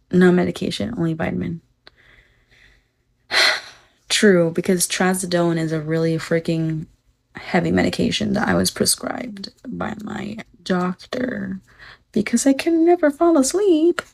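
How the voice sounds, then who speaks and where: A young woman with a slightly low voice chats on a phone livestream. She rambles off on tangents and swears without a second thought. She stops to read viewer comments aloud. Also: steady tone, a little slow, gravelly, pauses often, husky. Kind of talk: casual livestream chat.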